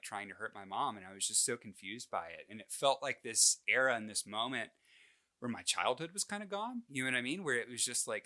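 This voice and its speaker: A young man co-hosting a podcast, spinning a long personal story in easy, animated chat. His voice is very bright and forward, and he talks at an ordinary middle pitch, tripping over restarts and fillers as he goes. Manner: animated, self-deprecating, many fillers and restarts. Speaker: podcast co-host.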